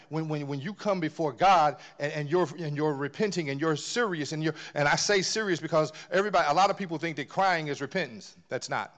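A man with a fairly high voice preaches a sermon, sinking to near-whispers before rising into loud, emphatic bursts. He often repeats words as he builds.

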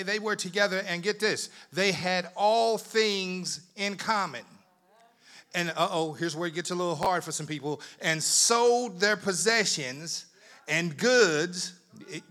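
A male preacher with a high, ringing voice delivers a sermon in a church sanctuary. He stacks repeated words and phrases and climbs into shouting. His tone is bright and forceful. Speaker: pastor.

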